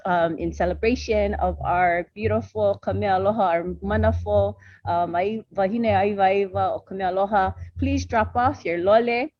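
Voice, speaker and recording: A woman gives closing thanks, pausing often on fillers. Her voice comes across dry and dull, as if through a lo-fi connection, with no room sound at all. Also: medium pitch, no echo. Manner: hesitant, with frequent fillers. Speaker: closing speaker. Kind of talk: thank-you remarks.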